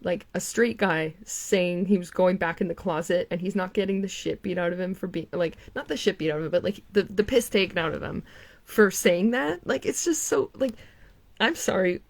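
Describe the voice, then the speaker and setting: A woman's voice: lowish voice, moderate pace, creaky. A young woman giving casual, mocking commentary on online videos. She swears freely and laughs often.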